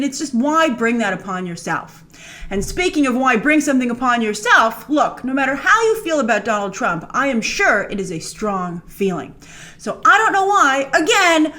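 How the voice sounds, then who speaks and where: A woman host delivers critical movie commentary in a fairly high voice. Her pitch swings widely as she stresses her points with emphatic energy. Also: bright, forceful tone. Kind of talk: opinionated movie news commentary.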